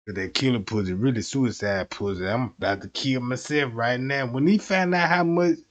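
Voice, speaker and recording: A man streaming, telling a crude comic story in an animated, rambling way. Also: medium pitch, normal speed, highs cut off. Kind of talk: comedic storytelling riff.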